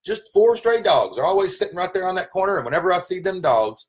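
A man voicing a simple, good-natured country teenage boy, speaking in a halting, plain-spoken way. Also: high voice, sing-song, voice pushed up. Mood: earnest.

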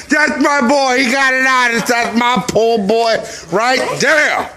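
A man hosting and calling toy car races at home, switching between slow announcements and loud whooping shouts. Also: very high-pitched, faint music behind. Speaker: race host. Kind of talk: excited hobby race commentary. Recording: noisy home recording.

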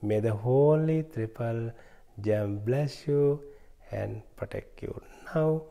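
Slow, mellow-voiced monk giving a blessing. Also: male voice, medium pitch, vocal fry. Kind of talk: ceremony blessing and introduction.

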